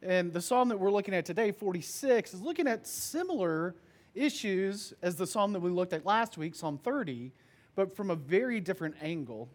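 A male pastor preaching a sermon, reading scripture and telling stories in an earnest, expressive way. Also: high voice, moderate pace.

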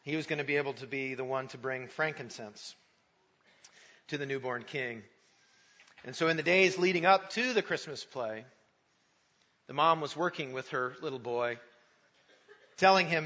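A man's voice: medium pitch, moderate pace. A man preaching a Christmas Eve sermon, praying and telling a story in an earnest storytelling manner. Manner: storytelling, earnest and warm in prayer. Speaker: pastor. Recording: dull sound in a large reverberant church.

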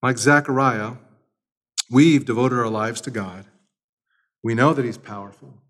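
A man preaching an expository sermon, speaking emphatically, swinging between loud and quiet, and repeating key phrases. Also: mid-range voice, a little slow. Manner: emphatic preaching with lively shifts in loudness. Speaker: pastor.

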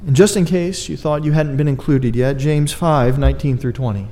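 A man's voice: on the high side, steady tone, brisk, hardly any pauses, dark tone, in a large hall. A man preaching a sermon, earnest and emphatic, with dry asides to his congregation. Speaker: pastor.

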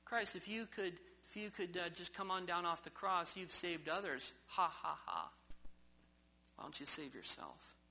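A man's voice: high-pitched, animated, a little slow, vocal fry, sharp tone, full character voice. A man preaching a sermon, voicing a scoffing bystander who sneers and jeers at Christ. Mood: sneering. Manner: sneering, jeering laugh.

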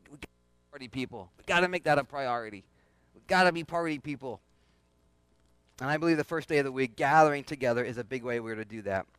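A man's voice: on the high side, fairly bright tone, clear, resonant tone, no room sound. A man preaching a conversational sermon, often asking the congregation questions and repeating himself. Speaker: pastor.

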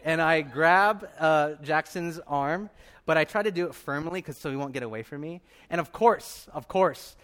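A man in his thirties preaching a sermon as a pastor, telling a personal story with animated delivery and acted-out voices. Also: on the high side.

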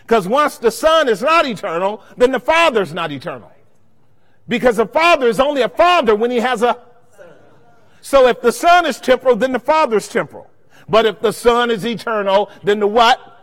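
A man preaches at a Bible study in a high voice, tossing questions to the congregation and letting them answer back. His words ring out with a long reverb, as if from a big hall. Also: lively intonation, moderate pace, a bit bright. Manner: call-and-response questions to the congregation. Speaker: pastor teaching a Bible study. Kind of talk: sermon-style Bible teaching.

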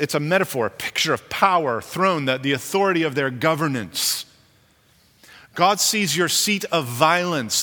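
A man preaching a sermon as a pastor, animated, and acting out the people he quotes. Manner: animated, acts out quoted leaders with rising pitch. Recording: long hall reverb.

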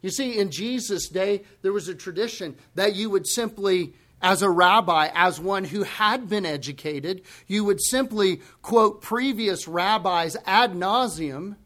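A male pastor delivering a sermon in a notably high voice for a man. His delivery swings between forceful, emphatic declarations and quiet, grave asides. The preaching stays impassioned throughout. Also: measured pace, hardly any pauses.

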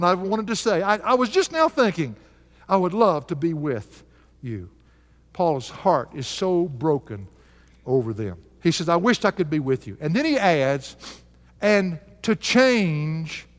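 Older preacher, lively pitch. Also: male voice, long reverb tail. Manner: earnest, heartfelt, rhetorical questions to the congregation. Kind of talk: sermon.

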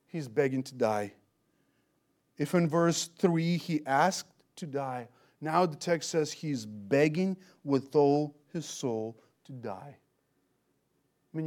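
A man delivering an expository sermon in a high voice. He is animated and emphatic, pressing his listeners with rhetorical questions. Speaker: preacher.

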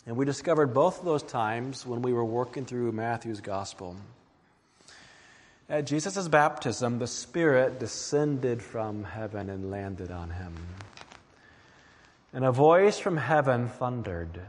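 A man preaching a sermon as pastor, dramatic, dropping to a hush and then rising to emphatic peaks. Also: medium pitch, expressive, takes it slowly, big-room sound. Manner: dramatic, swings from hushed to emphatic.

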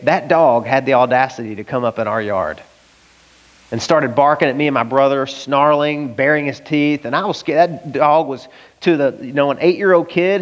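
A man from the American South preaching a lively, conversational sermon and often asking his listeners questions. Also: mid-range voice, dull audio.

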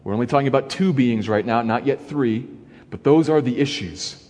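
A man teaching a Bible passage in an earnest, emphatic way, pausing between short phrases. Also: medium pitch, a little mellow, in a large hall.

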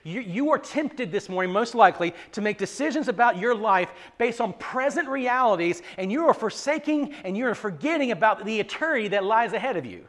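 A male pastor preaching a sermon in an earnest way, often repeating words and moving between loud emphasis and quiet asides. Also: high voice, lively intonation, a little fast, few pauses.

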